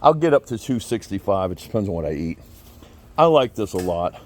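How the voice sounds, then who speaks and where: A man's voice: fairly low pitch, sing-song, fairly quick, a little mellow. A man giving a chatty, folksy product review, often repeating himself. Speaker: product reviewer, channel host. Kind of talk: casual product review vlog. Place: outdoors by a vehicle, then indoor man cave.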